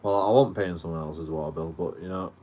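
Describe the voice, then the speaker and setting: A man, speaking in a fairly low voice, tells a long story in a casual, rambling way. He swears constantly and often stumbles back over his own words. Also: fairly even intonation, a little fast, a little mellow. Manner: rambling, heavy swearing, frequent restarts. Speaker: livestreamer. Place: outdoors.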